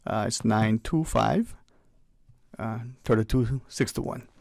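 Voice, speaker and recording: A man hosting a call-in radio show, his voice gravelly with fry. He chats in an easygoing way and often restarts his sentences. The studio sound is dry and close. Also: on the low side, slow, a little mellow, dry recording. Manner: easygoing, chatty, with frequent restarts. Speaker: radio talk show host. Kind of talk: casual call-in radio chat. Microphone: close studio mic.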